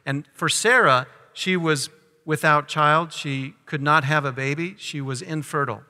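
Bright-voiced preacher in a reverberant hall. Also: male voice, a little high, measured pace. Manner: teaching, reads scripture aloud and asks questions. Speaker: pastor. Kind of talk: sermon.

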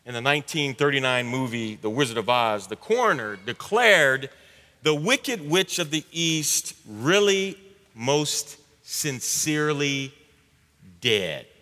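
A male pastor preaching a sermon, swinging between loud emphatic bursts and hushed low lines. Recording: long hall reverb.

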